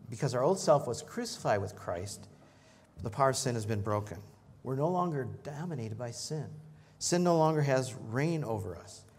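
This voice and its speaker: A man delivering a church sermon at an ordinary mid pitch. His manner is easygoing and chatty, with jokes and questions tossed to the congregation. He lifts his voice and gets louder whenever he reads scripture. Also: animated, normal speed. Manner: conversational, joking with the congregation; rises in pitch and volume when reading scripture. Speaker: preacher.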